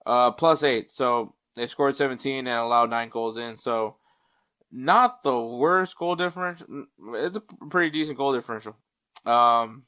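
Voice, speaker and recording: A man's voice: mid-range voice, moderate pace, bright, forceful tone, smooth, dry recording. A man hosting a casual sports podcast, rambling with many ums and restarts, sometimes turning away from the mic to check stats. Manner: checks stats mid-show, drifts off mic. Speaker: podcast host.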